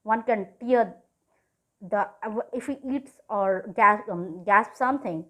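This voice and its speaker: A woman's voice: mid-range voice, slow, fairly bright tone. A woman teacher reads a storybook chapter to her students and explains it with many restarts.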